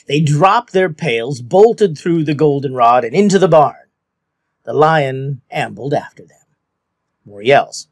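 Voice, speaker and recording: A man's voice: fairly high pitch, dry recording, clean studio sound. A man reading a novel aloud as scripted narration, telling the story expressively. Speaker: audiobook reader.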